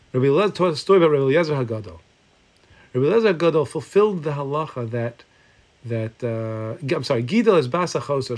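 Gravelly man teaching a Torah class. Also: medium pitch. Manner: halting, repeats words, reads Hebrew texts aloud then explains.

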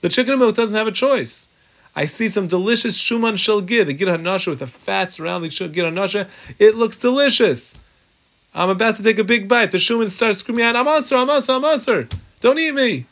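Animated rabbi teaching a law class. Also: male voice, high-pitched, brisk. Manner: lively, uses Hebrew and Aramaic terms, acts out voices for examples. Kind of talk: animated Torah class lecture.

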